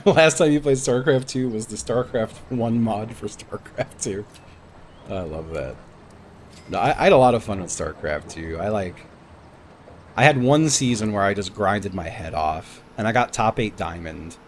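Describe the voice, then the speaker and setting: A man's voice: fairly low pitch, animated, moderate pace, slight background noise. A man streaming a game, chatting casually, laughing and swearing as he reminisces. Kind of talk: casual gaming chat.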